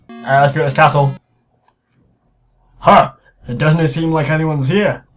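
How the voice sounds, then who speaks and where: A man's voice: fairly high pitch, steady tone, unhurried, long pauses, soft background music. Crude, joking man doing game commentary. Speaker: gaming video host. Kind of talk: let's play commentary.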